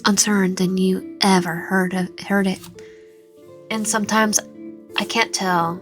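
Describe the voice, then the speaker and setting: A woman voicing a troubled young man who fears his darker self, reading his lines aloud in a soft, slightly lowered voice and stumbling over words now and then. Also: lightly acted. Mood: uneasy.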